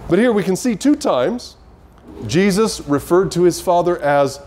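A man's voice: high voice, animated, unhurried, a little mellow. A man teaching the Bible in an earnest way, often asking his listeners questions.

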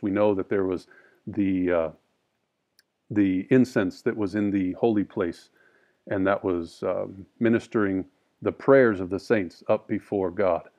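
A man teaching a scripture study. He reads verses slowly and with emphasis, then explains them in plain, casual talk. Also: fairly low pitch, warm tone. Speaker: Bible teacher.

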